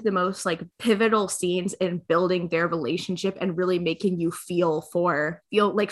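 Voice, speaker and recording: A woman's voice: fairly low pitch, pushed and bright. A woman in casual chat, earnest and enthusiastic, with many fillers. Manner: earnest, enthusiastic fan talk.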